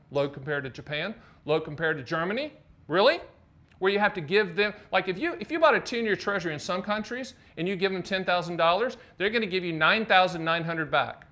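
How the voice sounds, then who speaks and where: An animated man from North Carolina, speaking straight to the camera. He talks emphatically, with a voice slightly higher than most men's, and often fires off rhetorical questions at the viewer. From North Carolina, USA. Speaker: host of a finance channel. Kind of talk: talking to camera.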